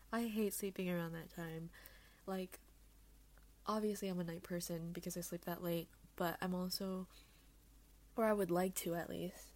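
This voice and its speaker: Recorded on an earphone mic, this solo podcast features a young woman chatting casually, bubbly and rambling, often poking fun at herself. Her voice is medium in pitch with a darkish tone.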